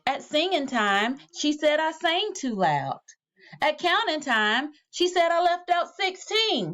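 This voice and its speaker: A woman reading a children's picture book aloud as a teacher, with animated storytelling that drops low on the repeated refrains. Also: slow.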